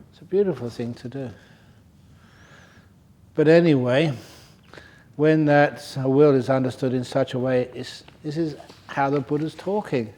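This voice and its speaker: Older guy giving a dharma talk, jokey storytelling, chuckles a lot, mid-pitched voice. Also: warm tone. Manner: humorous storytelling, chuckles often. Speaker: meditation teacher. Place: retreat centre hall.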